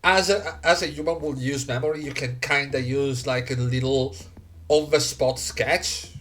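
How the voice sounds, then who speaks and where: A man narrating a tabletop role-playing game as game master, unhurried and full of fillers. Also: mid-range voice, steady tone, fairly bright tone.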